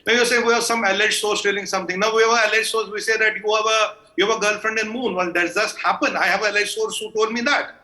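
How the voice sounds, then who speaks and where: A man's voice: sits high, fairly even intonation, fast, hardly any pauses, pushed and bright, rough recording. A man, a guest in a heated news debate over a video call, talking in a combative, sarcastic, emphatic way. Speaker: panel guest.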